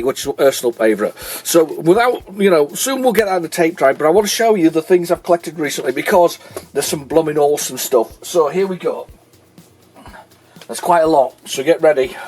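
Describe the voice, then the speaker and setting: A man's voice: a little high, darkish tone, slightly rough. A middle-aged man hosting a retro gaming video, chatting in a rambling way with many restarts and self-corrections. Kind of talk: casual chat showing a collection.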